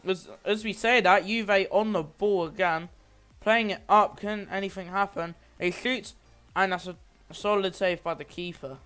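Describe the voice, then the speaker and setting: A man's voice: high-pitched, fairly even intonation, a little slow, hardly any pauses, a bit bright, clean tone, faint music behind. A man giving amateur play-by-play commentary on a football match, rambling a little and often restarting or correcting himself.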